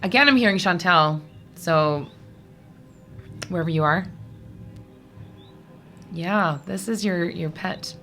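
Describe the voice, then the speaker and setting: Woman tarot reader, low-ish voice with a bright edge; chatty, digressive, emotional, reading casually to viewers. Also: slow, pauses often, faint music behind. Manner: chatty, rambling, digressive with many fillers; emotional, easily moved.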